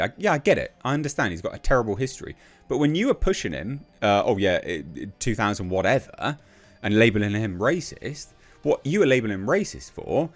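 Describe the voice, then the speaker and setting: Blunt, mocking low-voiced man. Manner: blunt, exasperated and mocking, with sarcastic asides. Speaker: political commentary podcaster. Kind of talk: casual political rant.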